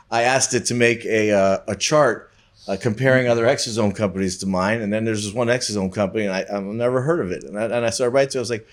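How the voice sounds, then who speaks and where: A man, a research scientist and podcast guest, chatting casually and enthusiastically, laughing through his anecdotes. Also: lowish voice. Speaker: stem cell researcher guest.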